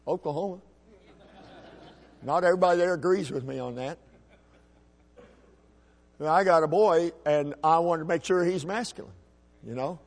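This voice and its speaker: A middle-aged man preaching a sermon as a pastor, folksy and emphatic, with shouted peaks. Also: a little high, moderate pace, long pauses, in a large hall. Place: church sanctuary.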